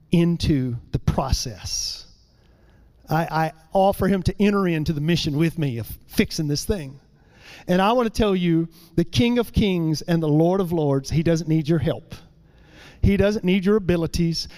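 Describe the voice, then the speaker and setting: A middle-aged man preaching a sermon, emphatic, repeating his phrases and slowing down for key lines. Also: high voice, a little mellow.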